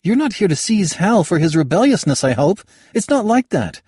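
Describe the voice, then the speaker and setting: A man's voice: high voice, sing-song, normal speed, mellow, breathy edge, no echo, clean studio sound, voice pushed up, heavily acted. A man voicing an analytical young woman soldier who presses her point and turns anxious. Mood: defensive.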